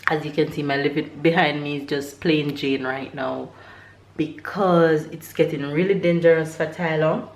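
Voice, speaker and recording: Speaking at a normal speed, this vlogger has a low voice with fairly even intonation. She's a young woman from Jamaica, chatty and quick to laugh, talking to her viewers while cooing to her baby, with room echo and a little background noise audible.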